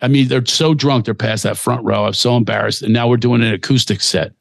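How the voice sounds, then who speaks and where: An older male comedian, a guest on a podcast, telling animated stories in casual chat. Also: mid-range voice, fairly quick, gravelly, no room sound, clean studio sound. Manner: animated storyteller who acts out voices.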